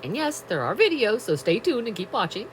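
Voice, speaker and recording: Her voice is on the high side with big pitch swings and a brisk pace as this breeder chats over home videos of her dogs, cooing at the puppies. She's recording casually in her kitchen, which is under construction, and the sound is roomy with a little hiss or hum.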